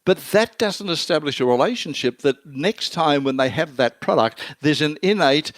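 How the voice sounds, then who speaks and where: An older man explains marketing ideas in an emphatic, lecturing manner. His voice is fairly high for a man and swings widely in pitch. The sound is close and dry, with no room around it. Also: lively intonation, dry recording. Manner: emphatic, measured lecturing delivery. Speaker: marketing expert guest. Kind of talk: interview answers.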